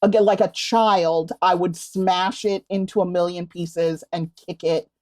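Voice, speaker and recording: A woman's voice: fairly low pitch, fairly even intonation, a little slow, darkish tone. A woman co-hosting a podcast livestream, chatting casually in a candid, self-deprecating way. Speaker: podcast co-host.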